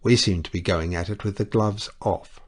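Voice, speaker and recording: A man's voice: fairly low pitch, steady tone, normal speed, husky. A man voicing a scornful, bitter young society wife. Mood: mocking. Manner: cutting, scornful, impassioned.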